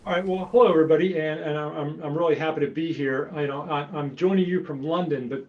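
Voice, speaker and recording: A man's voice: a little high, steady tone, quick pace, lo-fi sound. An American man giving a webinar talk over a remote call, eager and often repeating words as he starts a sentence. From United States. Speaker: guest speaker. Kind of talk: webinar presentation.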